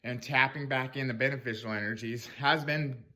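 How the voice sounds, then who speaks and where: A man's voice: medium pitch, fairly even intonation, moderate pace, sharp tone. Rambling man coaching tapping, swearing freely. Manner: loose, rambling, swears casually; acts out angry self-talk in a raised voice. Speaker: spiritual mindset coach. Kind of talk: teaching tapping technique.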